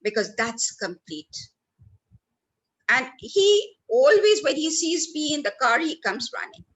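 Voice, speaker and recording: Animated woman leading a workshop. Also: high voice, unhurried, low-quality recording. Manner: animated, stresses words for effect, addresses listeners by name. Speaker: workshop trainer. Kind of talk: lively training talk. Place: lecture hall.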